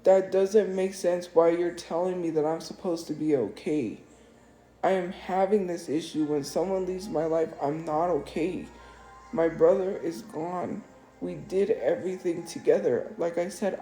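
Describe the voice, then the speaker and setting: A woman's voice: on the low side, measured pace, mellow. A woman on a live stream talking in an upset, defensive way and repeating herself. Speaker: livestreamer. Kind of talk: emotional live-stream monologue. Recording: echoey room, faint music.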